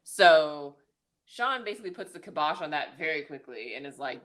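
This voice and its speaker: Low-voiced chatty woman recapping a movie. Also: sing-song, normal speed, a bit bright. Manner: chatty, full of "like" and "um"; laughs now and then mid-story. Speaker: podcast co-host. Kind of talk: casual movie review recap.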